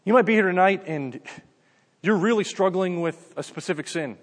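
A man with a high voice delivers a sermon in an easygoing way, addressing listeners as "guys" and peppering his talk with "like". His voice rings out with a long reverb, as in a large hall. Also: normal speed. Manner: conversational preaching, addresses listeners as "guys", often says "like". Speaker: pastor.

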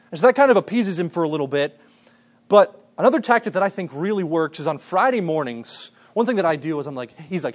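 Man preaching, thirties, earnest and conversational, somewhat high-pitched, goes quiet and hushed for stories. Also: expressive, fast. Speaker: pastor. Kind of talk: sermon.

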